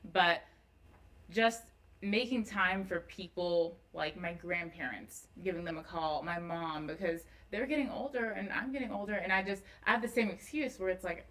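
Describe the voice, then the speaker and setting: A woman's voice: fairly low pitch, bright, forceful tone, rough recording. A young woman in her twenties, a news anchor guest, telling personal stories in an earnest, emotional way during a casual chat.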